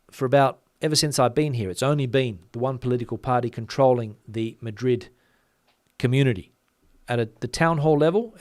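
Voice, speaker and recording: A man's voice: mid-range voice, no echo, studio quality. Chatty Australian man reading comments. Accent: Australian, softened. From Western Australia. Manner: chatty, many fillers, talks fast. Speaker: channel host. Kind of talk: casual livestream chat reading comments.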